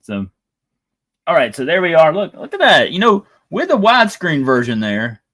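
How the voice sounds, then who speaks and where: A man's voice: on the high side, big pitch swings, normal speed, fairly bright tone. A young man, hosting a casual livestream and rambling to viewers. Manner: rambling, chatty, talks to viewers. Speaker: livestream host.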